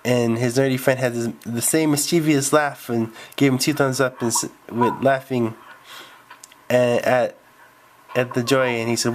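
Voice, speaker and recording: A man's voice: medium pitch, steady tone, a little slow, slight background noise. A man telling an improvised story, rambling with restarts.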